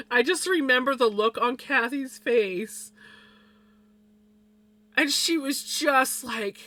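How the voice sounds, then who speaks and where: A woman's voice: high-pitched, drawn-out words, long pauses, pushed and bright. A woman live streamer telling a personal story to her viewers in casual chat. She talks bluntly and swears freely. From Canada.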